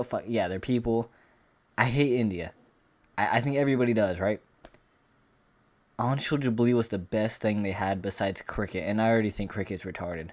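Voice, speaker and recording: A man's voice: on the low side, darkish tone. A man giving a casual fight recap rant as an MMA commentator, profane, boastful and rambling.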